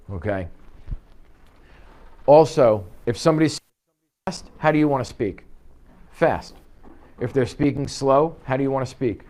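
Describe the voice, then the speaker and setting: A man's voice: mid-range voice, darkish tone. Guy running a real estate sales training in the office, punchy coaching, acts out little client bits. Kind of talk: live sales training talk. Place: office meeting room.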